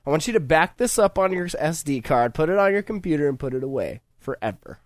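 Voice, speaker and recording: A man's voice: a little high, fast, few pauses, dry recording. A man hosting a podcast, talking in crude, casual banter and often dropping into mock voices. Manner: animated, profane, slips into mock voices. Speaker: podcast host.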